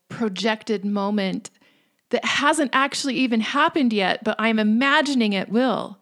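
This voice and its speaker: A woman in her thirties giving a reflective devotional talk in a gentle, earnest way, sometimes dropping to a hush. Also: medium pitch. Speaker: faith speaker.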